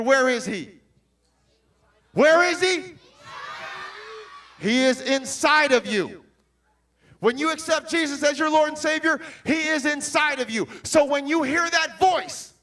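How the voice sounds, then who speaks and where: High, bright-voiced man preaching, heard from far off. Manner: animated, calls out questions to the crowd; bursts into shouts. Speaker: Christian motivational speaker. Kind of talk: preaching to a young audience.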